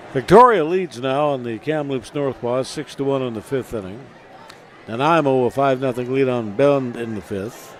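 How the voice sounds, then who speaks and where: Male ballgame announcer, relaxed storytelling, faint outdoor hum, mid-pitched. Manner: relaxed, chatty between pitches. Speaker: play-by-play announcer. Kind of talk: baseball radio commentary.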